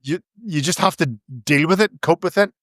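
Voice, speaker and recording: A man's voice: on the high side, normal speed, dry recording, studio quality. A man, an author chatting as a guest, rambling playfully and acting out little scenes. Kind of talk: casual interview chat.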